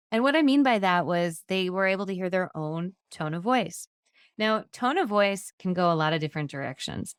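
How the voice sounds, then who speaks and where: A woman's voice: lowish voice, clear, resonant tone, dry recording, clean studio sound. A woman giving a conversational, practical training talk on customer service. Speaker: insurance agency trainer.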